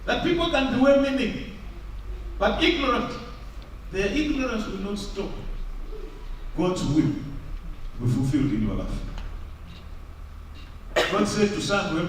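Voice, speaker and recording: Male pastor, sermon, slow delivery, loud and quiet swings, very echoey church hall. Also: lively intonation, far from the mic, slight background noise. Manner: swings between loud raised delivery and low quiet stretches.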